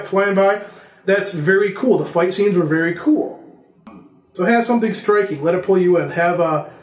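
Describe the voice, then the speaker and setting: High-voiced man giving a casual film lesson. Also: echoey room. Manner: conversational, lists examples. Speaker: filmmaking instructor. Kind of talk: casual vlog lecture.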